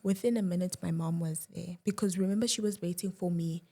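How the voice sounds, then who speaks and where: A young woman, a guest, telling a personal story with emotion, dropping to a hush at times and restarting her words. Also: fairly low pitch, fairly even intonation, a little fast, breathy edge. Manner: shifts between loud and hushed, restarts.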